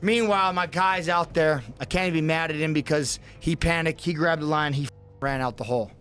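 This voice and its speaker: A man's voice: a little high, a little fast, fairly bright tone, clean tone. Man, podcast guest, intense storytelling, acting out his panic, faint background music. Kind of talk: dramatic storytelling.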